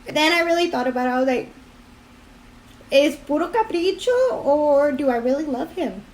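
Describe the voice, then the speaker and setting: Young woman vlogger, high voice, teary and crying, rambles with like like like. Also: expressive, moderate pace, a little mellow. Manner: rambling, filler-heavy storytelling. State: tearful, crying. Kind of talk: casual confessional vlog.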